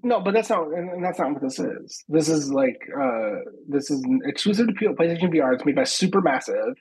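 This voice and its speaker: Raspy, offhand podcast man. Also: fairly high pitch, expressive, fairly quick, a little mellow, poor audio. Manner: offhand, filler-heavy, reads out news. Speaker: podcast co-host reading news items. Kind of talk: casual chat.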